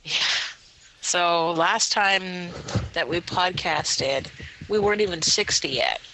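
Female co-host, bright, sharp-toned voice, hesitant and chatty delivery. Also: on the low side, takes it slowly, a little hiss or hum, poor audio. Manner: hesitant, many fillers, chatty. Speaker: podcast co-host. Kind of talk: casual chat.

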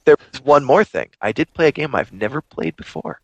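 A man's voice: medium pitch, sing-song, brisk, a bit bright, dry recording. A man hosting a podcast, ranting animatedly in casual chat. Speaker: podcast host.

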